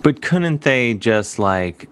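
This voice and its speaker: A man's voice: medium pitch, animated, takes it slowly, a bit bright, slight background noise. A man from Cleveland hosting a comedy show, asking playful, teasing questions. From Cleveland, USA. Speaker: host. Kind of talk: casual comedic chat.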